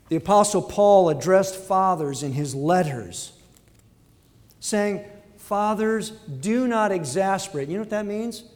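High-voiced man preaching an emphatic sermon. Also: a little mellow, big-room sound. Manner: emphatic, quoting scripture and acting out everyday voices.

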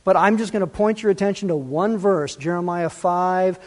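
A man preaching a sermon, animated and full of rhetorical questions, swinging between loud and soft. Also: high-pitched, normal speed. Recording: long reverb.

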